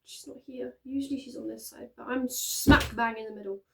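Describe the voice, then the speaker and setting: A woman's voice: on the high side, steady tone, a little fast, vocal fry, noisy background. A young woman chatting casually to the camera at home, rambling a little as she talks about her reading. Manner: rambling, chatty, self-interrupting. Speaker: reading vlogger. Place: at home, sitting on a bed with pillows.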